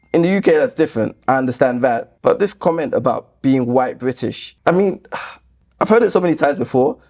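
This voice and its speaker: Mellow-voiced guy ranting back at comments, sarcastic, exasperated, pitch jumping around. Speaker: YouTube host reacting to comments. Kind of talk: casual commentary reading comments.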